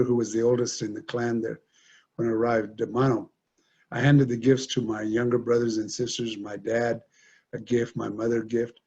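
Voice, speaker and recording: Older man telling stories, husky and dark. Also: mid-range voice. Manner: animated storyteller, many fillers. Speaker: guest speaker. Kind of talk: storytelling talk. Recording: dull lo-fi recording.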